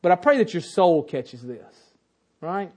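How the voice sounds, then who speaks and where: A man's voice: high voice, big pitch swings, unhurried, darkish tone. A man preaching a sermon to his congregation, emphatic and repeating key phrases, often asking the listeners questions.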